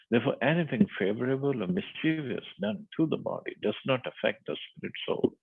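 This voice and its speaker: A man's voice: medium pitch, vocal fry, slightly rough. A man reading a scripture passage aloud, then explaining it in looser asides, with the narrow sound of a phone line. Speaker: scripture class speaker.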